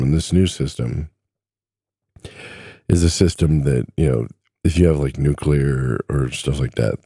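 This middle-aged man has a rumbling low, gravelly, mellow voice, recorded clean in a studio with no echo. On his own podcast he rambles easily about life as a truck driver, often poking fun at himself.

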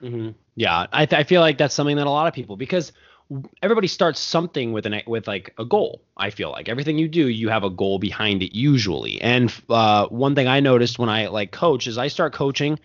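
A man's voice: mid-range voice, brisk, dry recording. A man who coaches jiu-jitsu, talking casually and at length on a podcast and often stopping to correct himself. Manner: animated, rambling, self-correcting. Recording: dull lo-fi podcast audio.

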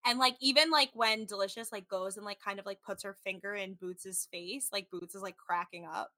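A woman's voice: medium pitch, fairly even intonation, fairly quick, sharp tone, no room sound. A woman hosting a casual podcast, recapping a reality show in a chatty way with lots of "like". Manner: chatty, heavy use of "like", mimics people in quotes. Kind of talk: casual chat.

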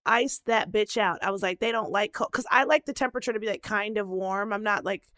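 A young woman co-hosting a podcast, telling a story in a lively, profane way and laughing often. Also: mid-range voice, a little fast, no echo, studio quality. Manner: animated, profane, laughs a lot. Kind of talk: casual storytelling chat.

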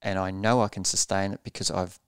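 A man's voice: sits low, steady tone, brisk, smooth, dry recording, clean studio sound. A man coaching triathletes in a podcast interview, explaining pace earnestly and repeating words as he thinks.

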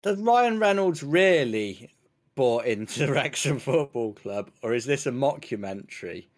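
A man's voice: medium pitch, animated, unhurried. A man co-hosting a podcast, chatting casually and often stammering at the start of his thoughts. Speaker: podcast co-host. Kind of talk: casual chat.

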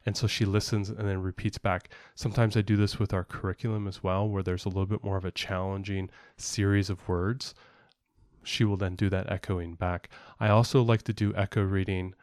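Low-voiced man explaining in casual chat. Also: level tone, brisk, darkish tone, no room sound, clean studio sound. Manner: explanatory, rambling with frequent fillers and restarts. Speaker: podcast co-host and parent.

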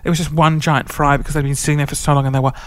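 A man's voice: a little high, flat delivery, very fast, dry recording. Dramatic, swearing male storyteller. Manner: dramatic, swearing, acts out his own rants. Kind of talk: casual storytelling.

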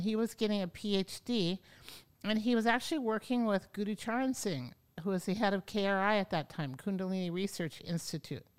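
A woman guest on a podcast, telling a personal story in a lively, conversational way and acting out her own past words. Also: mid-range voice, smooth. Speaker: yoga teacher, podcast guest. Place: podcast studio.

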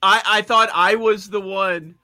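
A man's voice: high-pitched, fairly even intonation, unhurried, sharp tone, no echo, clean studio sound. A man hosting a sports betting podcast, upbeat and full of questions, laughing with his co-hosts. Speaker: podcast host. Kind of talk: casual sports betting chat.

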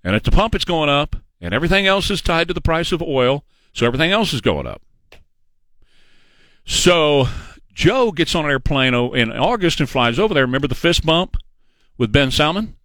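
A man's voice: on the high side, very animated, moderate pace, fairly bright tone, no room sound. Emphatic man in political monologue. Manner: emphatic, sarcastic, repeats phrases for effect. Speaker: political commentator.

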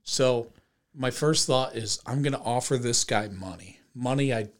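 A young man hosting a podcast, telling a story in casual chat with lots of swearing and loud acted-out quotes. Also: medium pitch, measured pace. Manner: animated, profane storytelling with shouted quoted voices. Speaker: podcast host.

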